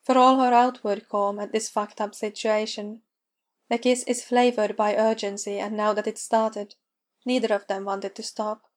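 A woman narrating a story aloud with a steady, even reading. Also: medium pitch, moderate pace. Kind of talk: reading fan fiction aloud.

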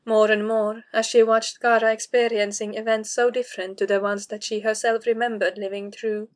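A woman reading a fantasy novel aloud as narrator, in a measured, even storytelling manner. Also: a little high. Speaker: audiobook narrator. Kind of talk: scripted narration.

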